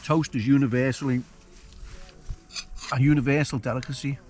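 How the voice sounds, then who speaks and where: A man's voice: mid-range voice, steady tone, moderate pace, darkish tone, a little hiss or hum. A man chatting and musing aloud while he cooks and camps alone on a hilltop. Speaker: outdoor vlogger. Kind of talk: casual solo camping vlog. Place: hilltop wild camp outdoors.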